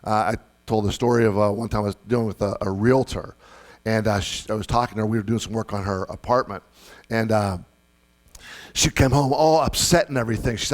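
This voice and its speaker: A man's voice: medium pitch, brisk. A middle-aged man delivering a sermon as pastor, conversational, repeating key phrases and putting questions to the congregation.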